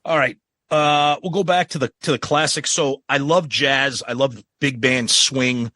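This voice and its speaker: A man's voice: mid-range voice, fairly even intonation, a little slow, bright, forceful tone, no echo, studio quality. A man co-hosting a podcast, talking with gushing enthusiasm about the music he loves in casual chat. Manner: enthusiastic, gushing fan talk. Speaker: podcast co-host.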